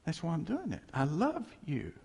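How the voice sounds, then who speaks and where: Hushed loving God, low and soft, gravelly, put on by a preacher man in a reverberant hall. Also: wildly swooping pitch, moderate pace, exaggerated voice. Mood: tender. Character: gentle loving God, male, patient.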